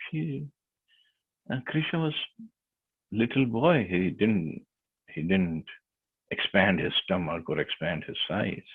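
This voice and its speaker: A man teaching a devotional class, retelling a sacred story with hesitant, lively storytelling, over a tinny phone-like line. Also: on the low side, slightly rough.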